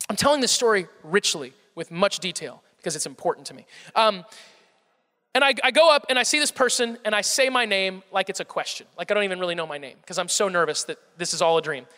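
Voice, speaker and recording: A young man giving a comic storytelling talk to a live audience, animated and self-mocking with playful exaggeration. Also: high voice, quick pace. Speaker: speaker addressing a live audience. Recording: long hall reverb.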